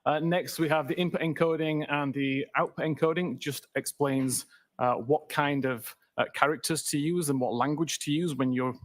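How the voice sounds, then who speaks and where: A man testifying as an expert witness in a courtroom, explaining technical details step by step with many pauses. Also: on the high side, fairly even intonation. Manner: methodical, technical, frequent uh fillers.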